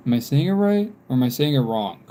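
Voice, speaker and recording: A man's voice: mid-range voice, very animated, fast talker, dark tone. A man in his twenties from America, chatting casually and rambling while he doodles on a livestream. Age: 20s. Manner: rambling, repeats himself, frequent ums. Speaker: livestream drawing vlogger. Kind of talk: casual chat while drawing.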